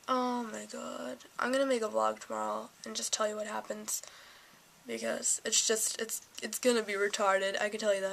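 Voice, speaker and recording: Young woman, eighteen, slightly high pitch, sarcastic, exasperated, casual vlog rant. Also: gravelly, fairly bright tone, slight background noise, poor audio. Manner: sarcastic, exasperated, swears freely. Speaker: vlogger.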